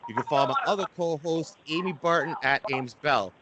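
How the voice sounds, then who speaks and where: Man, podcast host, casual, laid-back, slightly high voice, faint noise. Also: a little fast, highs cut off. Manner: laid-back, swears casually, laughs often.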